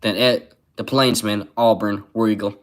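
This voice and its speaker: A man's voice: fairly low pitch, fairly even intonation, normal speed. A man doing casual live-stream sports commentary, rambling and reading chat comments aloud. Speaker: sports livestreamer.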